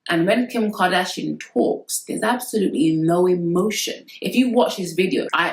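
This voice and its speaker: A woman vlogger giving direct, sisterly relationship advice to her viewers, emphatic and candid. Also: low voice. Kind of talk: candid talking-to-camera advice. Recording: echoey room.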